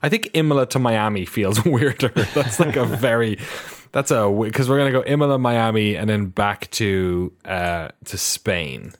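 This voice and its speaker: A man's voice: lowish voice, moderate pace, few pauses. A man co-hosting a podcast in casual chat, making wry, sarcastic asides and laughing often. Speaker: podcast co-host.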